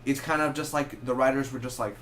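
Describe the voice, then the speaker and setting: A man's voice: medium pitch, slight background noise. Rambling young man reviewing a movie. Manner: rambling, self-correcting, animated with quick asides. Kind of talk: casual spoken film review.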